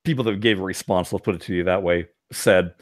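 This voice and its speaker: A man co-hosting a podcast, chatting casually and retelling scenes with lively put-on voices. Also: sits low, fast talker, no room sound, clean studio sound. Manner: animated storyteller, puts on silly voices when retelling scenes. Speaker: podcast co-host. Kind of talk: casual chat.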